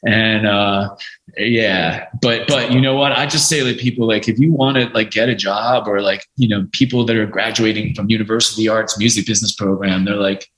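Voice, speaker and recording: A man's voice: lowish voice, normal speed. Man telling stories in an echoey room. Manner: animated, swears freely, acts out quotes. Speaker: podcast guest, music lawyer. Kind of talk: casual storytelling.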